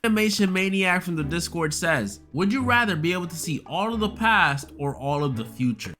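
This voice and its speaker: A man delivering scripted comedic commentary in an animated way, full of rhetorical questions. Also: sits high, fairly quick, soft background music.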